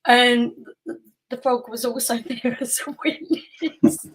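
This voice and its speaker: A woman, a podcast co-host telling a personal story in casual chat. She tells it with lively energy, acting out quotes and laughing often. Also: on the high side, takes it slowly, husky, low-quality recording.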